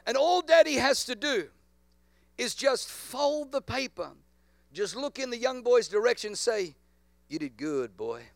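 A man's voice: extremely high pitch, unhurried, gravelly, dry recording. A man preaching a sermon to a congregation, calling out for responses from the crowd. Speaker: pastor.

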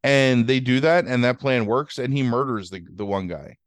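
A man's voice: medium pitch, moderate pace, dry recording. A man hosting a podcast, casually recapping a movie plot with lots of fillers and easy swearing. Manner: rambling, fillers, swears freely. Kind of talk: casual chat.

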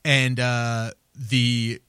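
This is a male podcast host with a bright, forward voice, talking loosely and laughing a lot. He swears casually and wanders off on tangents. The sound is dry and close, with little room. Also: mid-range voice, little pitch movement, drawn-out words, smooth, no room sound. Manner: loose, profane, laughs a lot, rambling asides.

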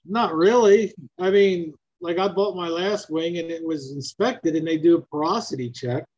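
A man's voice: a little high, moderate pace, a little mellow, a little hiss or hum. A man chatting casually on a podcast, rambling with lots of fillers, heard over dull lo-fi call audio. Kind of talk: casual chat.

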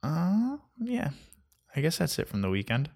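A man's voice: a little high, huge pitch swings, normal speed, a little mellow. A man in his twenties ranting casually about his weekend in a sarcastic, mocking way, with many fillers. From New Jersey. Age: 20s. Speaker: vlogger.

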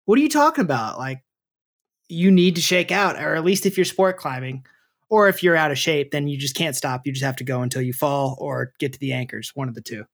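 A man co-hosting a podcast, talking in an animated, rambling way full of "like" and "you know". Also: mid-range voice, fairly quick. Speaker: podcast co-host. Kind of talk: casual podcast discussion.

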